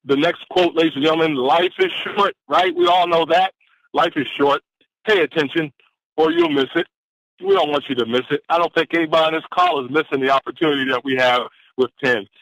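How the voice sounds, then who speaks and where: A man with a somewhat high, gravelly voice delivers an energetic motivational pep talk, calling out and repeating his key phrase. He comes through a dull, muffled phone line with no room sound at all. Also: a little fast, no room sound. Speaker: caller. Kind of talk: motivational speech on a conference call.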